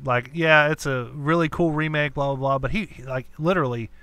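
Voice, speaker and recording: Profane, animated male podcast host. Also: on the high side, a little fast, dry recording. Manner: profane, animated storytelling with acted-out quotes. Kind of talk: casual chat.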